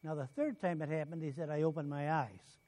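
A man preaching a sermon, telling stories and acting out quoted voices, swinging from loud bursts to quiet asides. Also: fairly high pitch, steady tone, brisk.

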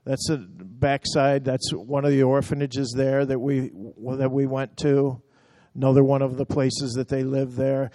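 A man's voice: medium pitch, level tone, unhurried, hardly any pauses, dark tone, a little hiss or hum. A man talking a church through slides from a mission trip, chatty and emotional, telling the operator to move on.

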